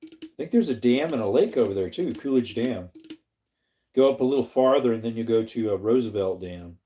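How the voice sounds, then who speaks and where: A man's voice: mid-range voice, lively intonation, brisk, dark tone. A middle-aged man from Arizona hosting a casual livestream, rambling and chatty as he reads viewers' comments, laughs often and greets them by name. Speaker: livestream host reading chat.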